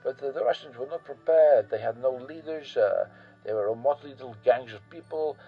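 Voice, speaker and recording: A man's voice: mid-range voice, moderate pace, slightly rough, muffled recording, faint music behind. A man telling history in a casual, profane, rambling way full of fillers and restarts. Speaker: history podcast host.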